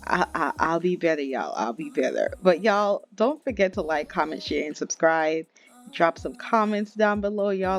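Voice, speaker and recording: A woman giving casual, chatty gameplay commentary as a YouTuber, often laughing and calling the viewers y'all. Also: medium pitch. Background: faint background music.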